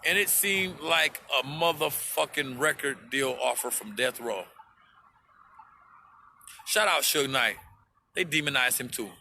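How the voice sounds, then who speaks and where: A man's voice: mid-range voice, vocal fry, bright, forceful tone, slight background noise. A man on a livestream, speaking to his viewers in an impassioned, profane rant and repeating himself for emphasis.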